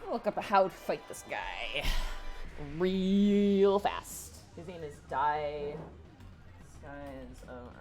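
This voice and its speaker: Lively woman streaming a video game. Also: low voice, drawn-out words, faint music behind. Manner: reads game text aloud, swears casually. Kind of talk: casual let's-play commentary.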